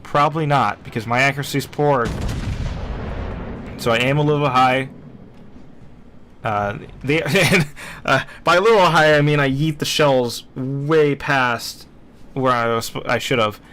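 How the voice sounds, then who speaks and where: A man's voice: medium pitch, unhurried, pauses often, fairly bright tone. A young man casually commenting on a replay of his own naval battle game, chatty and self-deprecating, acting out what he was thinking at the time. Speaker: gameplay commentator.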